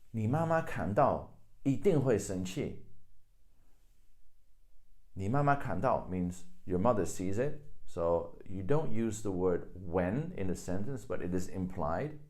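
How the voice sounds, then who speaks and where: A man with a low, deep voice talks slowly and patiently as a language teacher. He explains grammar step by step and repeats each example sentence so the learner can follow. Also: a little mellow.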